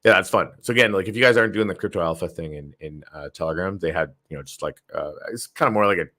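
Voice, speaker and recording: A tired male host talks fast on a casual livestream, his low voice pushed and bright. He reads viewer comments aloud and answers them, rambling with many fillers and restarts.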